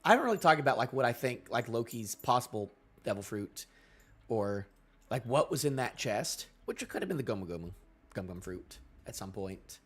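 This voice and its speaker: A young man reviewing a manga chapter on a casual live stream, excitable and full of fillers. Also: medium pitch, fairly quick, slightly rough, soft background music. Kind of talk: casual live reading and reaction.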